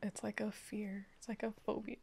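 A woman's voice: medium pitch, flat delivery, normal speed, creaky, dark tone. A young woman reacting to an anime episode in casual commentary, emotional and exclamatory, thinking aloud with lots of "like".

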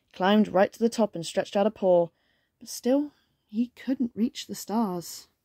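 A woman reading a bedtime story aloud at home in a lively, cheerful voice. Her pitch sits in the middle range. The recording is dry and close. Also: a little slow, dry recording.

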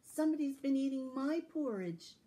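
A woman voicing a calm, medium-sized mother bear in a read-aloud fairy tale, in a gentle storytelling voice. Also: high-pitched, normal speed, pitched above the performer's own voice. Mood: puzzled.

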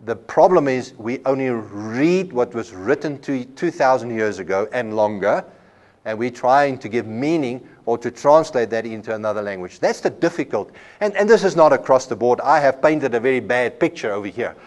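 A man's voice: medium pitch, lively intonation, moderate pace. A man giving a classroom lecture at a Bible college, explaining with everyday examples and often repeating a word as he restarts. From South Africa.

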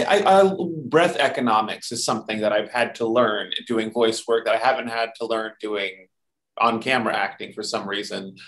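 Man, mid-pitched, rambling and animated, casual cursing, panel guest. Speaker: voice actor on a panel.

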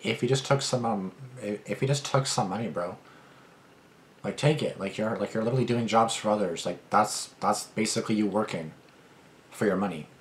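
A man's voice: on the low side, a little fast, a little hiss or hum. A young man giving casual reaction commentary, rambling and slangy, swearing and saying "like" and "bro" a lot. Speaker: reaction channel host.

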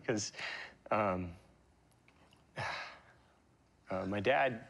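Low-voiced man, halting and emotional. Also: fairly even intonation, fairly bright tone. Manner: emotional, halting, many fillers and restarts. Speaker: interview guest, pro surfer. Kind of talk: reflective interview storytelling.

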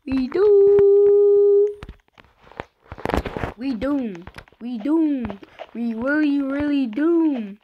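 A woman playing an online game, slightly hoarse from being sick, excitedly calling out what happens on screen. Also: high-pitched, takes it slowly, phone-quality sound, background noise. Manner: excitable, shouting out reactions to the game. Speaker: gamer.

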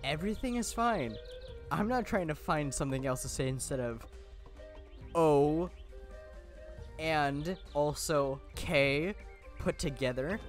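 A man's voice: fairly high pitch, animated, takes it slowly, long pauses, faint music behind. A young man hosting a gameplay video, rambling and mocking himself with lots of fillers. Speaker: gaming video host. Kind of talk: casual gameplay commentary.

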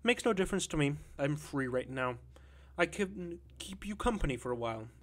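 A man's voice: on the high side, lively intonation, normal speed, a bit bright. A man voicing a chatty, lanky middle-aged Russian man who talks in a plaintive, insinuating way.

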